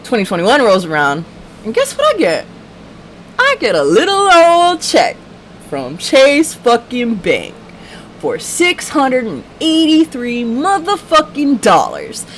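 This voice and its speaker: Animated, foul-mouthed woman ranting. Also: on the high side, slow, slight background noise. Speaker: livestream host. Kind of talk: casual livestream storytelling.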